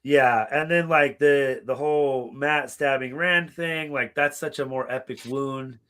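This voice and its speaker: A man co-hosting a podcast, chatting casually and profanely, laughing and dropping quick impressions. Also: medium pitch, fairly even intonation, sharp tone. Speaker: podcast co-host. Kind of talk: casual chat.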